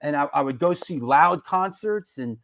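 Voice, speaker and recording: A man's voice: on the high side, expressive, moderate pace, fairly bright tone. A middle-aged man hosting a casual chat, rambling and restarting his sentences. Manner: rambling, repeats words and restarts often. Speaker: host.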